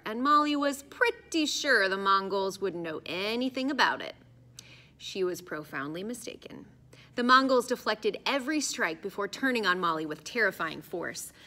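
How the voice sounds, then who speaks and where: Bright, expressive woman narrator. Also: mid-range voice. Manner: expressive storytelling. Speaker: audiobook narrator. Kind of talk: scripted narration.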